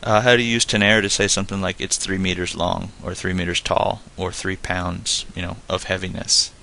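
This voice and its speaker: A man teaching a casual spoken lesson, explaining in a relaxed, rambling way full of "like" and "you know.". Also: low-pitched, a little fast, gravelly. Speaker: Spanish tutor.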